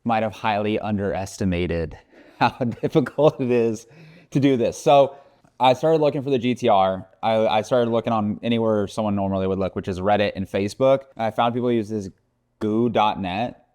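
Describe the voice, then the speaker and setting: Man, lowish voice, casual vlog, joking, profane, rambling. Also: brisk, warm tone. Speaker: car vlogger.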